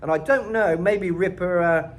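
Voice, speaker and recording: A man's voice: sits high, moderate pace. A British man giving a casual vocal lesson, chatting and thinking aloud with lots of fillers. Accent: British English. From Britain. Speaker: vocal coach. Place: home in Mexico.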